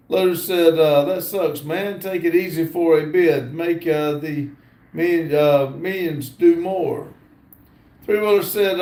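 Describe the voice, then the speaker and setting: A middle-aged Southern man with a high voice reads his live chat aloud slowly and easily, dropping in plenty of "uh"s. His phone's sound is echoey and roomy, and he is outside. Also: a little mellow. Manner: slow and easygoing, reads names and comments with many "uh" fillers. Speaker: livestream host. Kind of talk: casual live stream, reading chat aloud. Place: outdoors.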